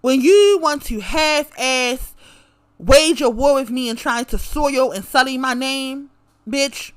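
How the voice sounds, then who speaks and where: A woman's voice: high voice, slow pace. A woman delivering a profane, confrontational rant straight to camera, repeating her lines for emphasis. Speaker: vlogger.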